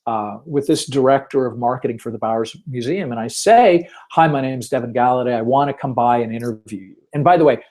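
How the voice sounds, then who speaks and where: A man with a warm, mid-range voice hosts a casual webinar. He's chatty and self-deprecating, telling stories full of fillers.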